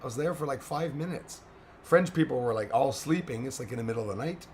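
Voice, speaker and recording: Hoarse male streamer, chatty, mid-pitched, laughs a lot, faint background hiss. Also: quick pace, a little mellow. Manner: chatty, greets viewers, laughs often. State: hoarse, strained voice. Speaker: live-stream host. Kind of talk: casual live-stream chat.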